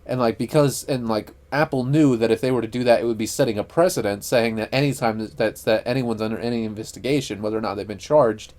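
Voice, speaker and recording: A man's voice: mid-range voice, fast talker, few pauses, a little mellow. A man co-hosting a casual podcast, rambling and profane, with lots of fillers. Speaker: podcast co-host. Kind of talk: casual chat.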